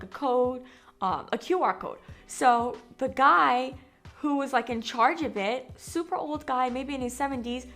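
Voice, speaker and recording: A young American woman chatting casually to camera in a vlog, talkative and animated with lots of fillers. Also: high voice. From United States. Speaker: vlogger.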